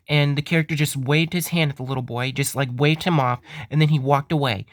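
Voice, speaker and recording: Recorded with clean studio sound and no room echo, this man with a somewhat high voice hosts his fan-made theme park channel. He talks earnestly in a vlog style, repeating himself and stumbling through restarts.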